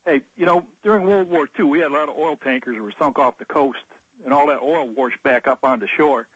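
Husky male caller on a muffled line. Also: fairly high pitch, a little fast, no echo. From Texas. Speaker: radio caller. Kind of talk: phone-in call. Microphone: phone.

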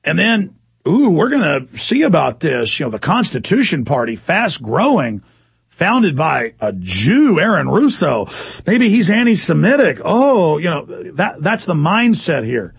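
Gravelly, high-pitched ranting male host. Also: big pitch swings, dry recording. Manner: heated, rapid, sarcastic mocking asides. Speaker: talk radio host. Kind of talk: angry political talk show rant.

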